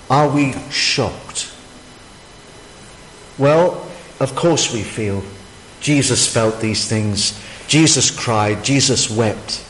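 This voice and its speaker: A man's voice: mid-range voice, a little hiss or hum. A man preaching a sermon, emphatic and full of rhetorical questions. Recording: echoey hall, faint ambience.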